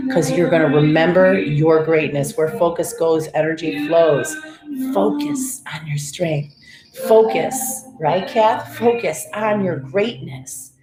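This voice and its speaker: Woman, breathwork coach, energetic, encouraging, echoey room, faint music underneath. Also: lowish voice. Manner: energetic, encouraging, calls out viewers by name. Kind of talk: live-streamed guided breathing and affirmations. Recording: roomy echo with faint music.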